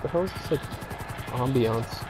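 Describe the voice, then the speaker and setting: A man's voice: mid-range voice, moderate pace, over music. A young man chatting casually and joking crudely while playing a game with a friend. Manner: joking, crude, laughs often. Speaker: gamer. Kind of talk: casual chat over gameplay. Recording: game gunfire and engine noise behind.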